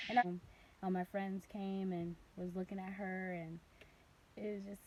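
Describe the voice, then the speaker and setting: A young woman telling a casual storytime vlog, rambling with lots of "like" and bursting into loud cries when she acts out moments. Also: mid-range voice, flat delivery, measured pace, a little hiss or hum. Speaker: vlogger.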